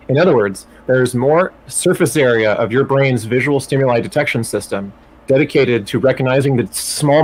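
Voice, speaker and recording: Husky man explaining patiently. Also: mid-range voice, poor audio. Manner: explanatory, lecturing. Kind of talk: casual debate.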